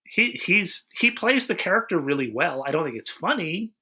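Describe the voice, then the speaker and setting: Bright-voiced man in casual movie chat. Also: high-pitched, normal speed, slightly rough. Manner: rambling, restarts often, animated retelling. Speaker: podcast co-host.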